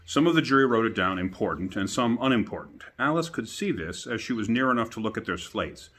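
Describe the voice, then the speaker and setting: Male storyteller, low voice, relaxed bedtime reading with chatty asides, recorded outdoors. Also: a little fast.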